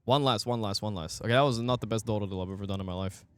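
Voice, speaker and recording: A man streaming a game, giving casual, excitable commentary, swearing often and talking to his chat. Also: lowish voice, very fast, smooth, no room sound, clean studio sound.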